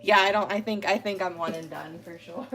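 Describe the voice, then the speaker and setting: A woman's voice: mid-range voice, expressive, normal speed, a bit bright, slight background noise. A woman hosting an art livestream from home, chatting casually with lots of "like" and "you know".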